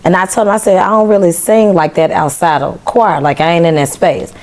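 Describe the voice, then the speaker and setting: A woman's voice: on the low side, fairly quick. A young woman from Memphis, a podcast guest telling her story in casual chat and acting out the dialogue. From Memphis, Tennessee. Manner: animated, acts out quoted dialogue.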